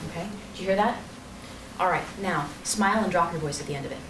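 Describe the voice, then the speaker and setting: Recorded from a distance in a roomy hall, a woman speaks fast in a voice on the low side, with background noise present. Teaching an interview-skills workshop to a class in a large room, she gives direct, hands-on coaching and demonstrates poses.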